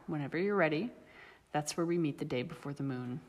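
A blunt, self-assured young werewolf woman, as a narrator plays her, low-pitched and husky. Her words land measured and plain, with a long reverb behind them. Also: darkish tone.

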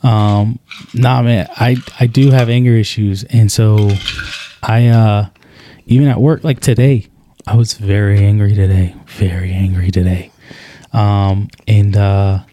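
A man in his thirties, a podcast co-host in casual chat, telling animated stories and acting out what he says. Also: on the low side, a little slow, a little hiss or hum. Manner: animated storyteller, acts out quotes.

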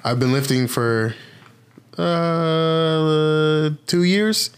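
A man's voice: a little high, very slow, clean tone. A young man co-hosting a casual podcast, talking in a rambling, hesitant way with lots of fillers. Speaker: podcast co-host. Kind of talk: casual chat.

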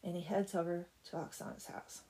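A woman's voice: lowish voice, fairly even intonation, a little fast, dark tone, poor audio. A woman casually retelling a folk tale, chatty and full of "like". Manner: chatty, peppered with "like". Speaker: storyteller.

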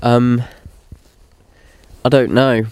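A man's voice: mid-range voice, flat delivery, very slow, a little mellow, clear, resonant tone. A young man in casual, chatty conversation, laughing often as he talks. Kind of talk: casual chat.

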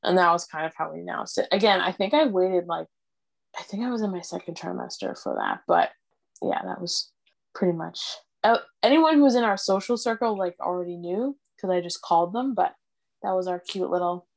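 A woman chatting casually, telling a family story with lively acted-out quotes. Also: fairly quick, vocal fry. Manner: animated storytelling, acts out quotes with big pitch jumps and laughs. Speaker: mother of twins sharing a story. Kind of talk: casual chat.

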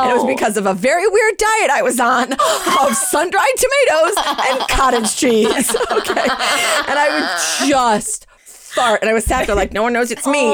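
A woman telling a long funny story in a casual chat, laughing often as she talks. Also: on the high side. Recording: noisy background.

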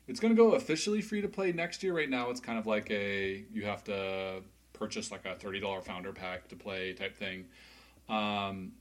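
Chatty male gaming podcast host. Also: fairly low pitch. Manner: chatty, frequent fillers and restarts, laughs easily. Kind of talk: casual gaming podcast chat.

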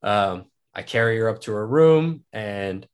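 Young male podcast guest with a lowish voice; rambling, casual, profane storyteller. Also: expressive, unhurried, clean tone. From Kansas. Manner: rambling, heavy use of filler words and swearing.

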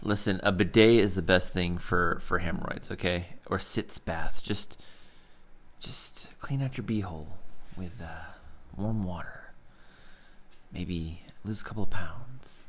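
Man, very deep voice, podcast co-host, casual rambling chat, jokey. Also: unhurried, slight background noise. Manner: rambling, jokey, trails off with fillers.

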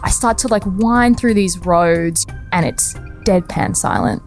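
A woman's voice: lowish voice, a little slow, faint music behind. Chatty young woman storyteller. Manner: conversational, chatty, laughs often, many fillers. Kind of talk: personal anecdote storytelling.

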